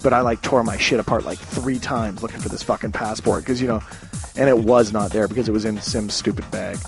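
A man hosting his own podcast, telling a story from a hostel room in a rambling, animated way and swearing freely. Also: fairly low pitch, brisk, creaky, music in the background. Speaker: podcast host. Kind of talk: casual storytelling monologue.

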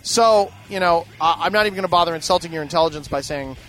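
A man's voice: a little high, fast, fairly bright tone, soft background music. A man reading tech news aloud and breaking off into profane, sarcastic asides as a podcast host.

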